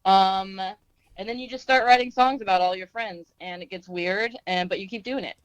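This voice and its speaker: Young female singer-songwriter guest from Texas, mid pitch, dry sound, loose and self-mocking. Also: normal speed, smooth, dry recording, muffled recording. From Austin, Texas. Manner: laid-back, self-deprecating, lots of "like" and "um". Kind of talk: casual interview.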